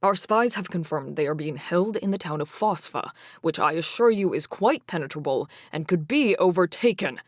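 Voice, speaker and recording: A woman's voice: fairly low pitch, animated, normal speed, hardly any pauses, no room sound, clean studio sound. A woman voicing a proud male Fae king who spits out furious, formal accusations in an audiobook fantasy reading. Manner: spitting, fierce.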